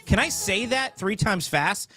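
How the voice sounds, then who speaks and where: Animated joking male talk show host. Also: sits high, a little slow, no echo, clean studio sound, faint music behind. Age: 40s.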